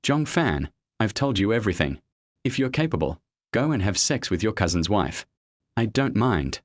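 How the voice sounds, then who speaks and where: A man's voice: fairly low pitch, big pitch swings, moderate pace, no echo. A man voicing a scheming, contemptuous young man in a narrated web comic recap, taunting and sneering.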